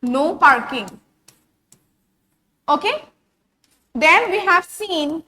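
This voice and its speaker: High-voiced woman teaching grammar. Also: lively intonation, unhurried, a bit bright, poor audio. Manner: explains step by step, asks rhetorical checks like "Okay?" and "This is what?". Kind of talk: online grammar lesson.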